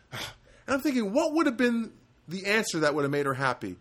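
A man's voice: sits high, sing-song, brisk, bright, forceful tone, slightly rough. Rambling, wry middle-aged man. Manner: rambling, wry, joking asides, frequent restarts. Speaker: storyteller. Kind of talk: casual anecdotal monologue.

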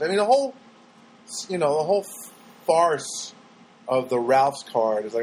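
High-voiced man ranting sarcastically about daily life, faint noise behind; casual monologue read. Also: sing-song, unhurried, pauses often, darkish tone, poor audio. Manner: rambling with restarts. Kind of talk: storytelling monologue.

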